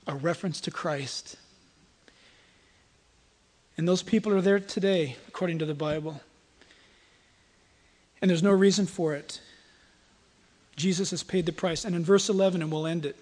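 A man preaching a sermon and leading prayer, talking emphatically and swinging between loud and soft. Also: high voice, a little slow, pauses often. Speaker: pastor.

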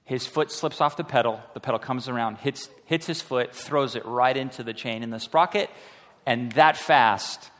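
A man's voice: medium pitch, moderate pace. Man preaching in a reverberant hall. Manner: animated storytelling, acting out quoted voices. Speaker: high school pastor. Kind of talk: sermon with personal story.

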